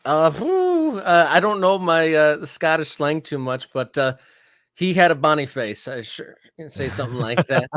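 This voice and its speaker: A man guest co-hosting a live sports talk show, relaxed and hesitant with many fillers. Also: fairly high pitch, normal speed, dry recording, studio quality. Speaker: guest co-host.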